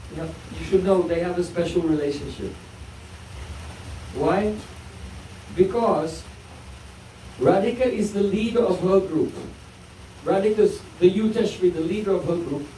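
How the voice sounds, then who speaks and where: A man giving a devotional story lecture as a spiritual teacher, acting out the characters' lines and laughing softly now and then. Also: high voice, a little hiss or hum. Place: festival hall. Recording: roomy hall audio from a distance.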